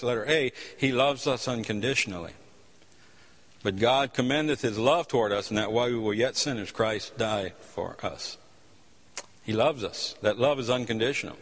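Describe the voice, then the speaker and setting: A pastor preaches a sermon, telling stories passionately and restarting his sentences frequently. His voice is medium-pitched and fairly bright, with a long hall reverb.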